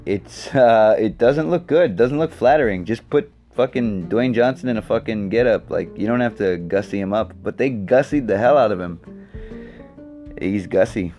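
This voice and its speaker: Low-voiced man rambling with profane sarcasm. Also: normal speed, a little mellow, lo-fi sound, soft background music. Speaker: podcast host. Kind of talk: casual rambling monologue.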